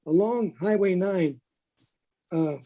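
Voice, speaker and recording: A blunt older man with a fairly high but mellow, darker voice. He recalls a battle in loose, unscripted talk and swears freely along the way. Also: slow, low-quality recording. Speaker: veteran recounting a battle. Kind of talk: unscripted recollection.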